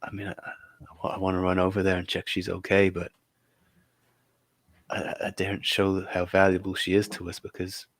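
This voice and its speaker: A man's voice: low voice, completely flat delivery, moderate pace, dry recording. A man playing a tabletop game, weighing options aloud and hesitantly repeating words. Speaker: player. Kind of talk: casual tabletop play.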